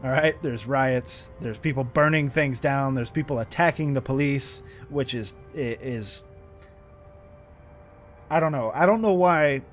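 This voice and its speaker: A man's voice: medium pitch, measured pace, faint music behind. An American man hosting a gaming channel, giving rambling, frustrated commentary over gameplay with lots of swearing and restarts. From United States.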